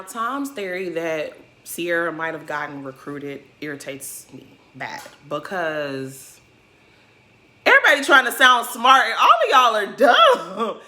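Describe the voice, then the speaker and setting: A woman's voice: mid-range voice, sharp tone. A woman giving blunt, sassy reaction commentary on a reality show, talking straight to the cast.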